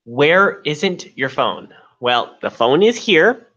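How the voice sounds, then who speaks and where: Slow, bright-voiced man joking around. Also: fairly high pitch, very animated, muffled recording. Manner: mock-dramatic, self-pitying whine. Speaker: co-host. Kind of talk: joking live stream chat.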